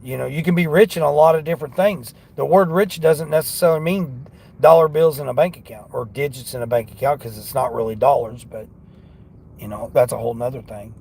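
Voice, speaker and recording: A man's voice: medium pitch, brisk, vocal fry, dark tone, slightly rough. A man vlogging from his car on delivery runs, talking in an earnest, rambling, motivational way. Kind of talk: casual talk while driving.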